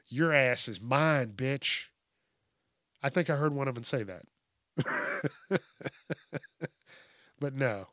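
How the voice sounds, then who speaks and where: A man's voice: mid-range voice, no room sound, studio quality. A man hosting a news commentary vlog, ranting and swearing as he mocks people. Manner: profane, ranting, mocking. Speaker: host.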